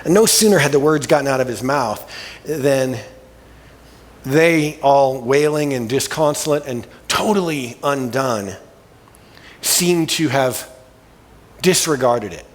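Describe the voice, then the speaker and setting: A man's voice: mid-range voice, long reverb tail. A male pastor preaching a sermon in a casual, colloquial storytelling way, full of vivid everyday asides. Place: church sanctuary.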